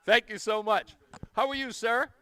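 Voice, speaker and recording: Animated high-voiced radio host. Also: male voice, normal speed, smooth, dry recording. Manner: animated, effusive, thanks donors repeatedly. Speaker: radio talk show host. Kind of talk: casual radio chat and live fundraiser. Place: radio studio.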